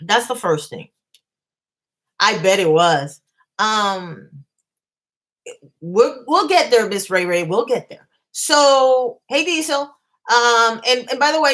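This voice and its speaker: A woman's voice: fairly high pitch, animated, a little slow, fairly bright tone. A woman hosting a casual live stream from her bedroom, ranting bluntly with swearing and greeting viewers between points. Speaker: commentary channel host.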